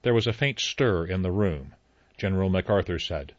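A man narrating an audiobook in an even, unhurried storytelling manner. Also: deep voice, dry recording. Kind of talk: scripted narration. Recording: slightly dull dry recording.

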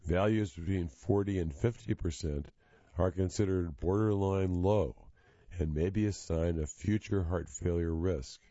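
A hoarse man with a very low voice reads articles aloud in a steady, plain way, now and then stumbling on a filler. His tone is dark and mellow, and the sound is dry and a little dull. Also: unhurried, dry recording. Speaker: reading service volunteer reader. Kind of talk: reading articles aloud for radio.

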